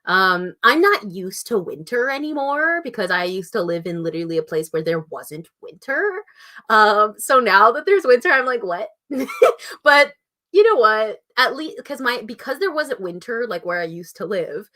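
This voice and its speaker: A woman's voice: on the high side, very animated, moderate pace, pushed and bright. A woman in her twenties with a Canadian accent, chatting casually on a livestream, reading out chat messages and laughing often. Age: 20s. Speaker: writing channel host.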